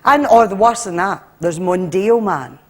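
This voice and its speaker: A Scottish woman performing live stand-up comedy, animated and acting out voices as she tells her routine. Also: medium pitch, measured pace, noisy background. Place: stage before a live audience. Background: audience laughter.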